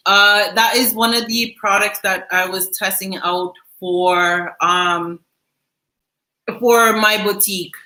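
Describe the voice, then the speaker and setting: A woman's voice: mid-range voice, fairly even intonation, slow pace, sharp tone, echoey room, low-quality recording. A Jamaican woman hosting a vlog, chatting casually and laughing as she reads viewer comments, slipping into patois phrases. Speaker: vlog host.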